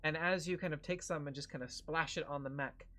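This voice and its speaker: A man's voice: fairly high pitch, steady tone, a little fast, bright, forceful tone. A man narrating as game master of a tabletop game, describing scenes in a meandering way with many fillers.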